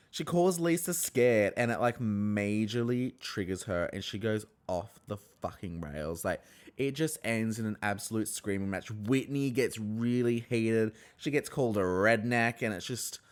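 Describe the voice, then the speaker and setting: A man's voice: on the low side, expressive, normal speed. A young man hosting a podcast, giving a casual, exasperated recap, swearing freely and acting out his own reactions. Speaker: podcast host.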